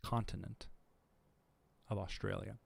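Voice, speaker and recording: A man's voice: fairly low pitch, steady tone, unhurried, gravelly, breathy edge. A man streaming, chatting casually in a rambling, thinking-aloud way full of fillers. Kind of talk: casual chat.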